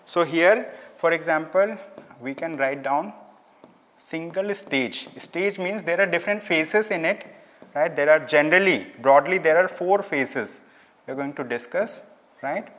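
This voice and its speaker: A man with an Indian English accent lectures a class in a slightly high voice, repeating key words and slipping into Hindi phrases. The room carries a long, hall-like reverb. The scratch of writing on a board runs under his talk. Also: measured pace, a bit bright. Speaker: teacher.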